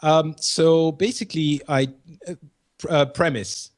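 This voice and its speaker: A man with a light French accent, a native French speaker, co-hosting a podcast with playful deadpan exaggeration. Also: fairly high pitch, measured pace. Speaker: podcast co-host. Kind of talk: casual podcast chat.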